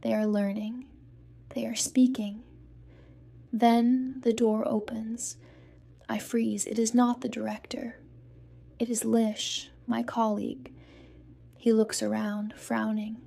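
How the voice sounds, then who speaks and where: Slow gravelly woman narrating a story. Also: on the high side, flat delivery, mellow. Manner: slow, clear reading for learners. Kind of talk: scripted first-person story narration.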